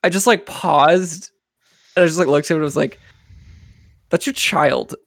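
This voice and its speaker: A man's voice: on the high side, normal speed, creaky, no room sound, studio quality. A young man casually telling a rambling story among friends, with lots of fillers.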